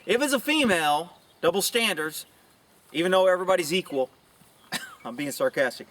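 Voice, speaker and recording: With lively intonation, a moderate pace and a bit of brightness, a middle-aged police officer shares blunt opinions in a casual monologue to camera outdoors, chickens close by. He takes rambling asides and does high mocking voices for women he quotes; the mic is somewhat far from him.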